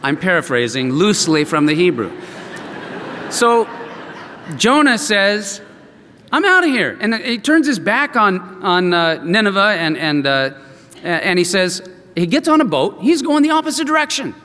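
Male pastor, high and animated, storytelling sermon in a big echoing hall. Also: moderate pace, slight background noise. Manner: animated storytelling, acts out quoted voices.

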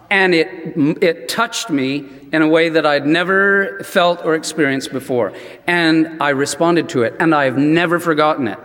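A man preaching a sermon as a chatty personal story, animated and full of "you know" asides. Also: fairly high pitch. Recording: long reverb in a large hall.

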